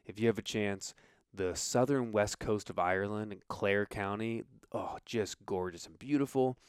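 A man's voice: on the low side, normal speed, smooth, no echo. A man hosting a podcast, talking casually and upbeat, rambling with fillers into a close mic. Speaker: podcast host.

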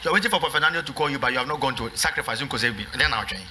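A man's voice: mid-range voice, racing, pushed and bright, a little hiss or hum. A man with a Ghanaian English accent, a pastor preaching in a church service with call-and-response. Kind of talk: sermon with testimonies.

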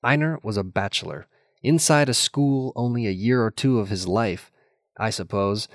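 An older man from Minnesota reading a personal memoir essay aloud in a measured, reflective and wry way. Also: mid-range voice, dry recording, studio quality. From Minnesota, USA.

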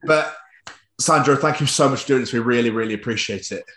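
A man's voice: mid-range voice, quick pace, a bit bright, reverberant. A man co-hosting a podcast, upbeat and jokey, who laughs easily while chatting. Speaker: podcast co-host. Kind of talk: casual podcast chat.

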